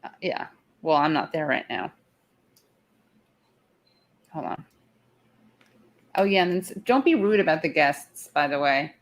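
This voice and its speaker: Low-voiced lady hosting a stream, tired, chatty, keeps cutting herself off mid-sentence. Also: expressive, a little slow, pauses often. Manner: chatty, rambling, self-interrupting. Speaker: show host. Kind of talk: casual livestream chat. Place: in the city, not her usual spot.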